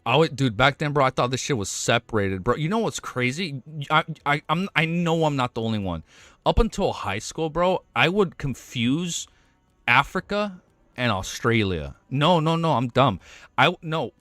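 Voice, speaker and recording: A young man streaming live, reacting excitedly with lots of swearing and laughing at himself. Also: mid-range voice, moderate pace, dry recording. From United States.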